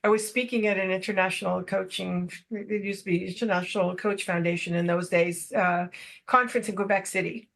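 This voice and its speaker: A middle-aged woman, a podcast guest, telling personal stories in a casual, animated way. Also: medium pitch, brisk, gravelly. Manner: animated anecdotal storytelling. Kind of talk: casual storytelling.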